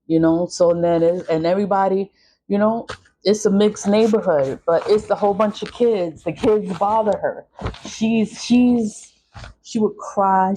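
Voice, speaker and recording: A woman's voice: on the low side, warm tone. A middle-aged woman vlogger in a casual venting monologue, emphatic and repeating her points.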